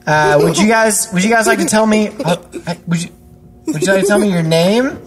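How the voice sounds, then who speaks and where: A woman's voice: mid-range voice, expressive, fairly quick, a crowd in the background. A woman kids pastor interviewing children on a church show, upbeat and encouraging, with playful teasing questions and chatty fillers. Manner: chatty, with frequent fillers and restarts.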